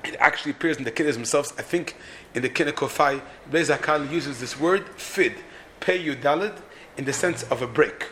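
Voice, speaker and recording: A man's voice: a little high, brisk, a bit bright, a little hiss or hum. A man teaching a text-study class, explaining the meter of a Hebrew poem with frequent restarts and repeated words. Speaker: Torah teacher.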